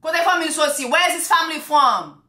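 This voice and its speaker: Strict Haitian mom grilling her son's fiancee, high bright voice, echoey room, woman putting it on. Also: lively intonation, fairly quick. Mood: demanding. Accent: Haitian Creole. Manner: demanding, interrogating, mixes French and Creole. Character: strict middle-aged Haitian mother, protective of her son.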